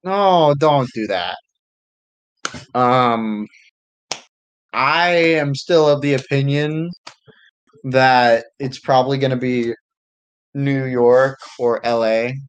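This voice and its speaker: A man chatting casually about a sports league, hesitant and unhurried, with frequent ums and restarts. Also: mid-range voice, clear, resonant tone, low-quality recording.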